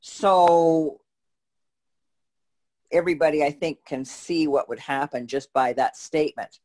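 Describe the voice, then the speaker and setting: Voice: medium pitch, measured pace, a little mellow. A co-host answering questions in a casual chat, explaining steadily with frequent false starts and fillers. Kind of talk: casual conversational Q&A.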